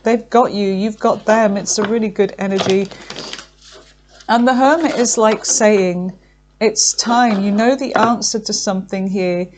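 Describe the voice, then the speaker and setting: A woman's voice: mid-range voice, fairly even intonation, a little slow, a little hiss or hum. A woman giving a tarot card reading, effusive and emotional, thinking aloud with frequent fillers. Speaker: tarot reader.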